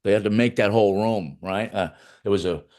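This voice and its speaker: A man's voice: on the low side, a little fast, a little mellow. A middle-aged man, a film writer-director, telling loose, profane anecdotes in a casual interview, with frequent restarts.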